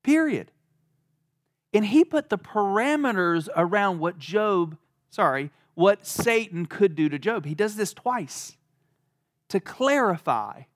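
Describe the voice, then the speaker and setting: In a clean, echo-free studio recording, a man teaches a Bible lesson in a high voice with big pitch swings, speaking a little slowly. He keeps it casual and conversational, laughing at times and saying "like" a lot.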